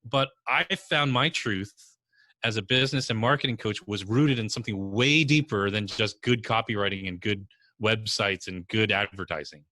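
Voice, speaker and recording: A man's voice: fairly low pitch, normal speed, no echo. A man from the New Jersey or New York area with a New York-area accent, a business coach telling stories bluntly and energetically in a podcast interview. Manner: blunt, energetic storytelling with strong language.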